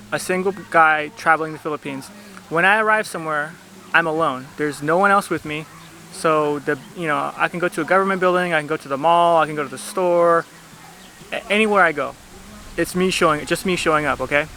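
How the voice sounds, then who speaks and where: On a beach, a man vlogs to camera and tells a travel story in a chatty, rambling way, saying "like" a lot. His voice is fairly high with a sharp tone, and there's slight background noise.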